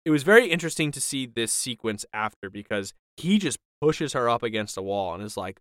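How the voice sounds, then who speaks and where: Excitable slangy male podcaster, smooth voice. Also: mid-range voice, a little fast, hardly any pauses, no room sound, clean studio sound. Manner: excitable, slangy, reacts loudly. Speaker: podcast co-host. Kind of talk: casual podcast chat.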